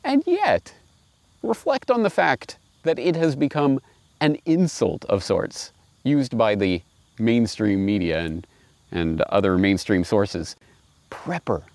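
A man reading fables aloud and commenting on them, animated and wry. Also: on the low side, takes it slowly, dry recording. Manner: animated, wry, laughs at his own points. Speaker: host.

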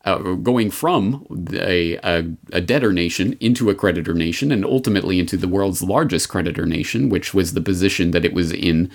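Deep-voiced man explaining monetary history. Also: fairly quick. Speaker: podcast host. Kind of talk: spoken history commentary.

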